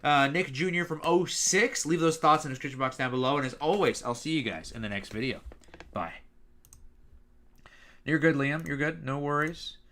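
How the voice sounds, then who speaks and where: A young man with a bright, slightly high voice chats his way through a casual reaction stream. He rambles, leans on "like" constantly, and jumps into excitable reactions. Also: normal speed.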